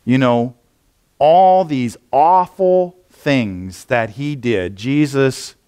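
With a mellow, clean, medium-pitched voice and drawn-out words, a man delivers a sermon in church. The pastor rambles in a casual, conversational manner, often using fillers and restarting.

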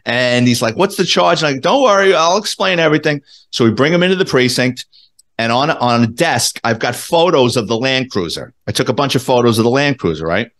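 Middle-aged New man, ex-cop guest; casual, salty storyteller who jumps into quoted voices; mid-pitched. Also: a little fast. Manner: animated, profane, acts out quoted dialogue. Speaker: former police detective, guest.

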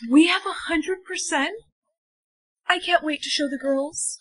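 Woman doing a comedy skit, high-pitched, bratty and demanding. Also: measured pace, fairly bright tone. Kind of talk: comedy skit role-play.

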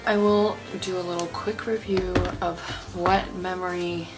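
A woman's voice: lowish voice, steady tone, measured pace, over loud music. A young woman vlogging in a casual, candid way, sleep deprived and swearing freely as she chats. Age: young adult. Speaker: college student vlogger. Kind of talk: casual vlog chat.

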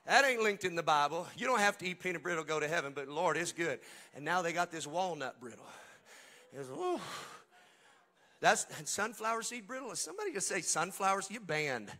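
A man preaching a Pentecostal sermon at a church service. He swings between quiet joking asides to the congregation and shouted, sing-song preaching. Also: sits high, expressive, brisk. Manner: humorous and talks directly to the congregation.

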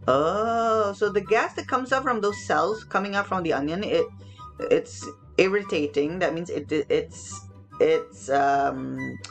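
A young woman with a Hong Kong accent, teaching phonics to children in a lively, expressive way, often repeating words. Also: sits low. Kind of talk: lively teaching talk for kids.

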